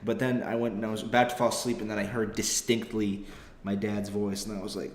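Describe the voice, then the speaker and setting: Speaking briskly in a lowish voice with a level tone, a young adult man who hosts a comedy podcast meanders through a profane, self-mocking story. The casual monologue is captured with a roomy echo.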